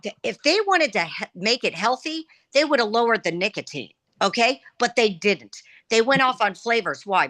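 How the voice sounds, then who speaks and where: A woman ranting emphatically in a casual discussion, her throat rough and catching, with frequent "okay?" tags. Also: medium pitch, fairly bright tone.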